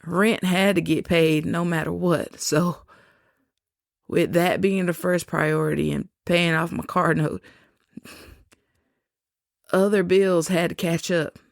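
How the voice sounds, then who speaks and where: A woman podcast host telling a personal faith testimony, slow and reflective, with soft laughs between thoughts. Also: fairly low pitch, steady tone, gravelly, no echo, studio quality.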